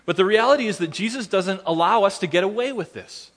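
A man, a pastor praying and then preaching a sermon in an earnest way, with gentle self-deprecating humor. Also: sits high, lively intonation, quick pace, in a large hall. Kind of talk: sermon with opening prayer.

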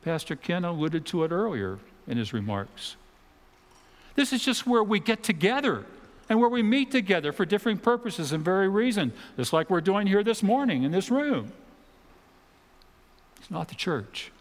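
A man preaching a sermon in a church auditorium, talking in a conversational way with dramatic pauses and the odd mock voice. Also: high-pitched, sing-song, in a large hall. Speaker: pastor.

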